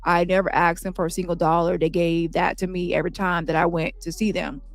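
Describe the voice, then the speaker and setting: A woman's voice: on the low side, little pitch movement, natural voice. A woman reading a shaken male trial witness. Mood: recounting. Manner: plain, halting recounting.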